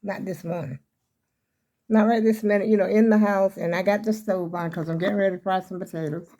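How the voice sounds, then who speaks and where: An older woman vlogs from her home kitchen, chatting in a meandering, casual way straight to her viewers and sounding slightly out of breath. Her mid-range voice is steady and dark in tone, moving a little fast.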